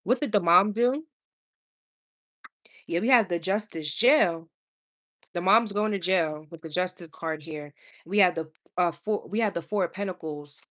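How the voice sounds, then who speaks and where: A woman's voice: lowish voice, moderate pace, fairly bright tone, lo-fi sound. Laughing young woman reading tarot live. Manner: laughs often, talks to chat in slang. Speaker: tarot reader. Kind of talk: casual live-stream chat and tarot reading.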